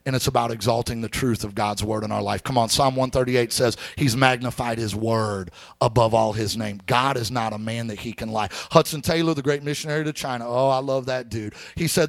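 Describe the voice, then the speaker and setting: A man preaching a sermon to a church congregation, telling a personal story in an easygoing way and then rising into shouted, sing-song preaching. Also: mid-range voice, fairly even intonation, brisk, gravelly, hardly any pauses, no echo. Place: church sanctuary.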